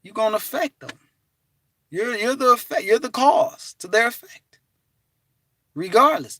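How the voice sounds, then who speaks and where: Lively high-voiced man preaching from his car. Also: unhurried, pauses often, no echo. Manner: animated, preachy, laughs and sings out bits. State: hot and restless. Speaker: vlogger. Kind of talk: casual motivational talk. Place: inside a parked car.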